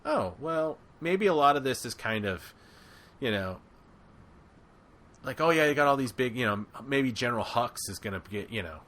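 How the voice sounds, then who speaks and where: A man's voice: medium pitch, moderate pace. A man co-hosting a podcast in casual chat, rambling with many fillers. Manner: rambling, filler-heavy, animated. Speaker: podcast co-host.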